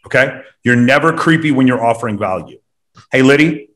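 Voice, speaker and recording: A man's voice: mid-range voice, expressive, fairly quick, a bit bright. A man hosting a casual podcast, talking bluntly and emphatically with lots of swearing. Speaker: host.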